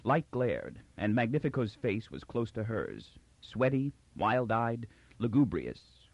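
A man narrating a science fiction story in a steady, expressive reading voice. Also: on the low side, slow, vocal fry, no echo. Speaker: audiobook narrator. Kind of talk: scripted narration. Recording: dull lo-fi dry recording.

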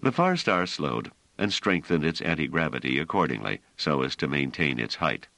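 A man narrating a science fiction audiobook in an expressive storytelling manner. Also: extremely low pitch, moderate pace, creaky, no echo. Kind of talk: scripted narration.

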